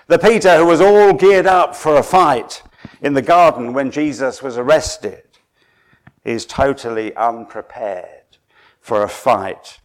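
A man from Suffolk in England, preaching a sermon in a dramatic storytelling way that drops to a hush and then rises for emphasis. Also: medium pitch.

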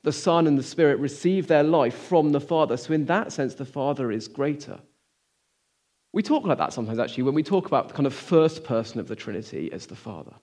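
A man preaching a sermon, earnest and full of rhetorical questions, moving between emphatic lines and hushed, almost whispered ones. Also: a little high, animated, brisk.

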